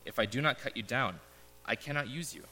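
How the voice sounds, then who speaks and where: A man voicing a gentle, grave male master of a garden in a read-aloud parable, speaking quietly and slowly. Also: medium pitch, expressive, soft background music. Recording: echoey large hall.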